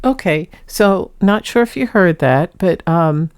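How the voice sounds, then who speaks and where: A woman's voice: on the low side, measured pace, slight background noise. A woman casually talking through ghost audio clips in her vlog, hesitant and repeating herself as she introduces each one. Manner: hesitant, repeats herself, quotes voices flatly. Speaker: paranormal vlogger.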